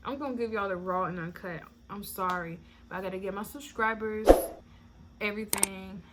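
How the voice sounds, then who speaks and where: A woman's voice: mid-range voice, normal speed, very noisy. A young woman vlogger telling a candid, chatty story, blunt and swearing freely. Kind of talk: casual story time.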